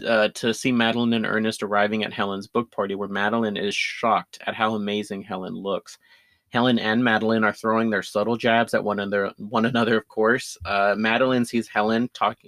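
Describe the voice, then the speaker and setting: A man's voice: fairly low pitch, steady tone, brisk, a bit bright, no room sound. A man in casual conversation, recapping a film with enthusiasm, often laughing and restarting his sentences. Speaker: podcast co-host.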